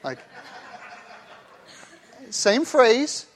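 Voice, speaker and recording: A man's voice: very high voice, very animated, drawn-out words. A man preaching a sermon as pastor, playful and demonstrative, acting out one phrase in many different tones of voice. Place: church sanctuary.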